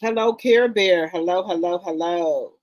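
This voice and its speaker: A woman's voice: lowish voice, unhurried, a little mellow, no room sound. A woman hosting a casual livestream, greeting viewers one by one with repeated hellos in an informal, chatty way. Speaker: livestream host.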